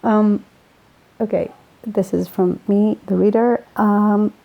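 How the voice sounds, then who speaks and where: A woman's voice: medium pitch, steady tone, slow, gravelly, highs cut off. A woman reading a fan story aloud as a modest amateur reader. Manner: modest, apologetic.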